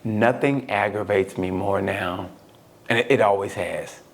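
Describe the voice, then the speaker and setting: A man's voice: a little slow, vocal fry. A middle-aged man co-hosting a podcast, telling stories in casual conversation and acting out the voices of the people in them. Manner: animated storytelling, swings between high and low, acts out quotes. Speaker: podcast co-host.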